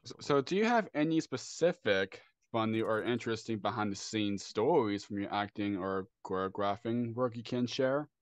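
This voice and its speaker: A man's voice: lowish voice, animated, normal speed, few pauses, dry recording. A man co-hosting a podcast, asking the guest questions in a casual interview. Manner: asks questions plainly. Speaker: podcast co-host.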